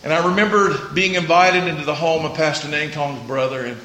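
A man preaching a sermon as pastor, dropping to hushed prayer and rising to loud rapid exhortation, asking the congregation for responses. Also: a little high, fairly even intonation, echoey room, a little hiss or hum, rough recording. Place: church sanctuary.

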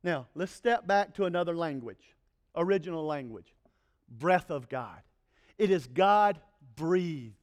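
High-voiced preaching man. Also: a little slow. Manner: animated preaching with playful asides. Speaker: pastor. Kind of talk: sermon.

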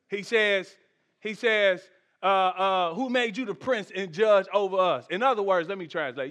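A male pastor with a high, bright, ringing voice, preaching a lively sermon. He builds to shouted peaks, then drops into soft, joking asides to the congregation. The whole thing sounds like a live church service. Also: moderate pace. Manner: humorous, conversational asides to the congregation.

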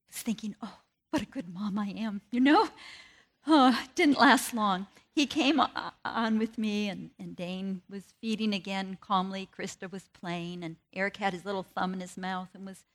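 A woman preaching a sermon, earnest and personal, telling a story from her own family life with lively pitch swings.

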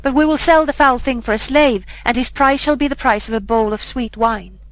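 A woman's voice: fairly high pitch, brisk, no room sound, close to an everyday voice. A woman voicing a cruel armoured male captain who mocks with laughter in an audiobook reading. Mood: mocking. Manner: mocking.

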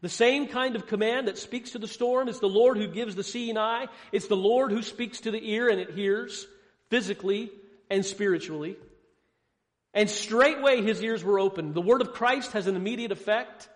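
Male preacher, high register, dramatic questions and hushed drops, in a room with a long echo. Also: normal speed. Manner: asks rhetorical questions, swings between loud emphasis and hushed lows. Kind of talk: sermon. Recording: long hall reverb.

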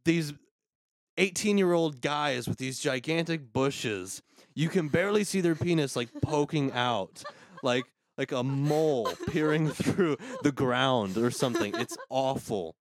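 A man's voice: medium pitch, measured pace, no echo. Crude, ranting man on a podcast. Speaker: podcast host. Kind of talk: casual comedic rant.

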